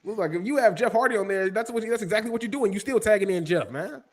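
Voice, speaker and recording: This man talks fast in a high-pitched voice, co-hosting a casual wrestling podcast live. He's animated and joking, reading viewer chat comments out loud.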